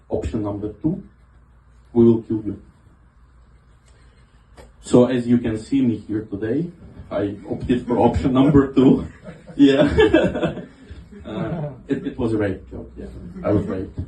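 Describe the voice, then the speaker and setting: A man doing a self-mocking stand-up set in a small club, talking in a halting way with lots of fillers. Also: mid-range voice, fairly bright tone, a little hiss or hum. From half Ukrainian, half Israeli. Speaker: stand-up comedian. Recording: roomy club audio from a distance.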